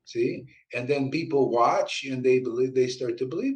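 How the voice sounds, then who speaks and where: A man's voice: medium pitch, normal speed, rough recording. A man leading a group, who talks in an easygoing, rambling way and chuckles often.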